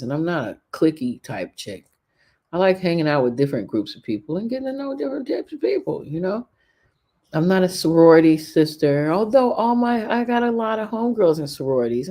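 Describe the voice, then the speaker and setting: A woman in her thirties hosting a show, talking bluntly and with profanity in casual storytelling. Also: fairly low pitch. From California. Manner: blunt, profane, animated storytelling with acted quotes. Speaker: show host. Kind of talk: casual opinion talk.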